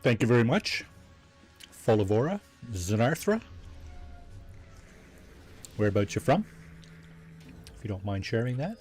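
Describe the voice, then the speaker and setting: Male streamer, low-pitched, lively and jokey, chats with viewers, faint ambience. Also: measured pace, pauses often, faint music behind. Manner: chatty, reads chat aloud, jokey asides. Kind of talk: casual gameplay livestream chat.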